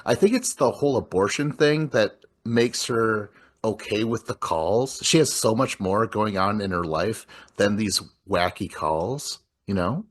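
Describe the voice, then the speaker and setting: A man with a somewhat low voice talks loosely through a film. He rambles, swears freely and breaks into laughter as he goes. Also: lively intonation, a little slow. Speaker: podcast host. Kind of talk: casual movie discussion.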